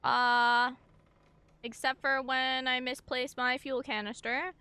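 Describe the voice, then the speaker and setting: A young woman streaming a game, giving bubbly, excitable commentary and talking to her chat. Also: high voice, slow pace, clear, resonant tone, no echo. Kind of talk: gameplay commentary.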